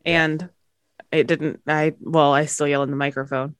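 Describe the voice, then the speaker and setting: A woman co-hosting a casual podcast, lively and quick to laugh. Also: low voice, clear, resonant tone, no echo, clean studio sound. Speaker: podcast co-host. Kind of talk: casual chat.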